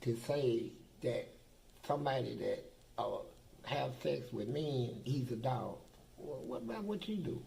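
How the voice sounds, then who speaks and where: A man's voice: medium pitch, expressive, unhurried, gravelly, dark tone, a little hiss or hum, poor audio. An older man, a former prisoner, telling blunt, profane stories in a documentary interview. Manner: blunt, profane, boastful storytelling.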